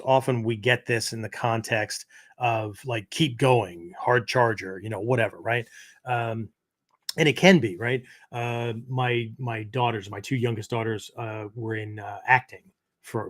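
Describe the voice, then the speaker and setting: A man's voice: medium pitch, a bit bright. A middle-aged man hosting a podcast, explaining phrases in a casual, rambling teaching style and tagging nearly every sentence with "right?" or "okay?". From United States. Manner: peppers talk with "right?" and "okay?"; rambling, self-correcting explanations. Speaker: martial arts podcast host.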